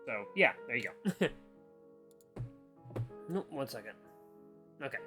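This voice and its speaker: A man reads a visual novel aloud for his gaming channel, narrating in first person with casual asides. His voice is bright and lively, rising and falling freely. Faint guitar music plays in the background. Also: mid-range voice, slow, slightly rough.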